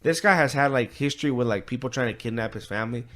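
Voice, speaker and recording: Talking fast in a mid-range, slightly bright voice, this podcast co-host chats casually while retelling a story. His telling is loose and rambling, full of cursing, filler words and imitated voices.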